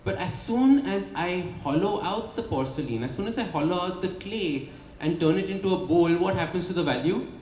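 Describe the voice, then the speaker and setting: Expressive and high-voiced, with a darkish tone and moderate pace, a man presents his ideas as an author and habit coach at his book launch, tossing out rhetorical "right?" questions to the audience. The echoey event hall has light ambience and a little hiss or hum.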